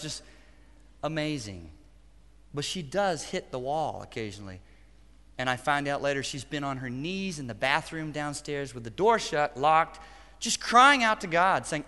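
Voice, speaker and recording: A pastor in his forties delivers an impassioned sermon, his voice surging loud and then dropping to a hush. The tone is bright and forceful, and it rings out with a long reverb from a large hall. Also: fairly high pitch, clean tone. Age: 40s. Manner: impassioned, swings from loud to hushed.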